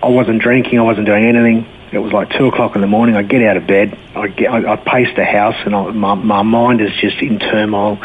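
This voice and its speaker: A middle-aged man telling his life story to an interviewer, blunt and animated, acting out the people he quotes. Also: lowish voice, fairly quick, hardly any pauses, a little hiss or hum. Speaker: guest. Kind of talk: personal testimony in an interview. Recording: tinny phone-line sound.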